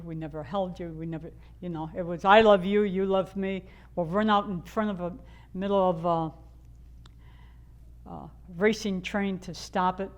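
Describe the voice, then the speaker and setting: This muffled recording carries a lowish, darkish female voice. She's an older Chicago-area woman from the USA recounting her life in a frank, wandering way, stumbling through fillers and fresh starts.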